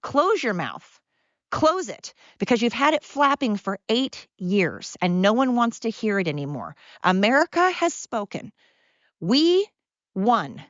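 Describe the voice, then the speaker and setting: A woman's voice: mid-range voice, no echo. A woman hosting her own show, delivering an angry, sarcastic solo rant with lots of emphatic repetition. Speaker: podcast host. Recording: dull lo-fi sound.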